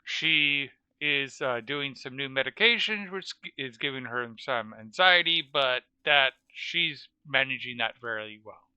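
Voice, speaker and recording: A man's voice: mid-range voice, expressive, unhurried, hardly any pauses, bright, forceful tone, clean tone, dry recording, lo-fi sound. A man streaming a game live, chatting casually and thinking aloud as he plays. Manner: thinks aloud while playing, chatty asides. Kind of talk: casual live-stream chat while playing.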